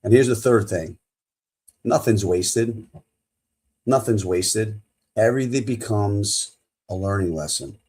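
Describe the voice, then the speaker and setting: A man's voice: lowish voice, slow pace, long pauses, darkish tone, slightly rough. A middle-aged man hosting a solo motivational podcast as a coach, emphatic and repeating his key phrases.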